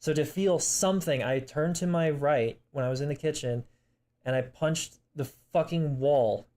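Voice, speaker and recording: Young man, personal vlog; halting, apologetic delivery with restarts, emotional to the point of tears. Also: on the high side, warm tone. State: emotional, tearing up. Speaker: vlogger.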